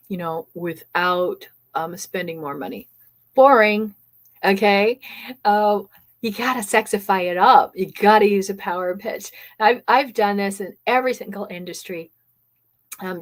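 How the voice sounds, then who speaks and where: A woman hosting a live online business workshop as a coach. She talks with lots of energy, fills her speech with "um," and keeps checking in with "okay?". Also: mid-range voice. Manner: energetic, many fillers and "okay?" check-ins; reads and answers live chat comments.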